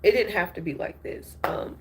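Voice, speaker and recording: A woman's voice: on the low side, moderate pace, a little hiss or hum. A woman hosting a news and gossip show, giving emotional political commentary, upset and apologetic, restarting her sentences often.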